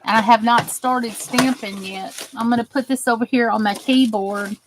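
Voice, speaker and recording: A woman's voice: on the high side, steady tone, moderate pace, noisy background. A woman with a Southern US accent, chatting casually with viewers on her craft channel while she works, using folksy phrases. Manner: chatty, warm-hearted, drawling with folksy phrases.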